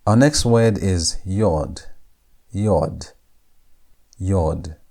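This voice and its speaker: A man with a very deep voice gives a slow, deliberate lecture. He sounds out each letter again and again, drawing the sounds out. The pace is unhurried throughout. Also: vocal fry, warm tone. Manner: repeats each sound several times, drawn out. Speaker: language teacher.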